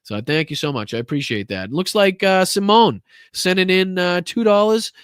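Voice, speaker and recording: A man's voice: sits high, normal speed, clear, resonant tone, dry recording, clean studio sound. Profane, chatty man hosting a live stream. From Boston area. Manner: loose and profane, many fillers, warmly thanking viewers. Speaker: live-stream political podcast host. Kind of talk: casual live-stream chat reading donations.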